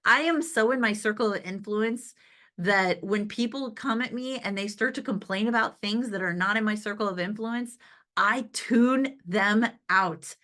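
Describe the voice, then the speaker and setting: A woman's voice: medium pitch, moderate pace, sharp tone. A woman giving an upbeat motivational talk in a conversational way, often checking in with her listeners and laughing easily. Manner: upbeat and conversational, often asks "right?" and "okay?". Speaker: direct-sales team leader giving a motivational talk.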